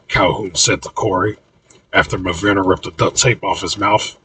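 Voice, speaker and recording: A man reading his own audiobook in an even, low-key narration. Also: moderate pace, slightly rough, no echo, distant mic, rough recording.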